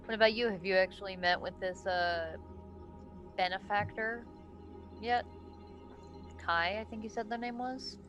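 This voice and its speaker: A woman's voice: medium pitch, slow, pauses often, a bit bright. Casting: woman game master, casual narration over background music. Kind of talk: running a tabletop game stream.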